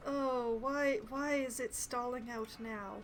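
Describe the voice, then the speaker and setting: Brief: high-pitched woman streamer, expressive and self-deprecating game commentary. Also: takes it slowly, soft background music. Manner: expressive, self-mocking, groaning at failures.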